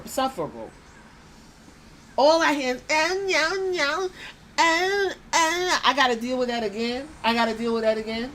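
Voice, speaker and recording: A young woman with a fairly high voice rants on her podcast, blunt and profane, and throws in mocking impressions. Faint noise sits behind her. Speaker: podcast host. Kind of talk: casual opinion rant.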